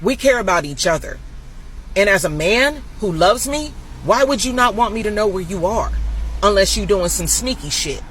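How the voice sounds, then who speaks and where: A woman's voice: medium pitch, animated, normal speed, fairly bright tone, slight background noise. A woman giving casual reaction commentary. She sounds motherly and preachy and keeps calling her listeners baby.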